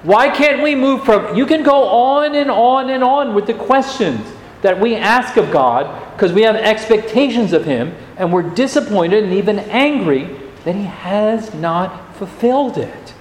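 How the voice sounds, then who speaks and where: A man's voice: high-pitched, animated, unhurried, a little hiss or hum. A man preaching a sermon as pastor, speaking in an earnest, challenging way and asking the congregation rhetorical questions. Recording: echoey hall, faint ambience.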